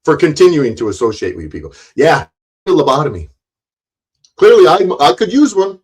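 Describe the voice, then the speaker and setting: A man who runs his own channel, delivering a heated livestream rant in a forceful, mocking and sarcastic way, full of swearing. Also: fairly high pitch, sing-song, brisk, husky. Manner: loud, forceful delivery that he calls passion. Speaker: YouTube channel owner.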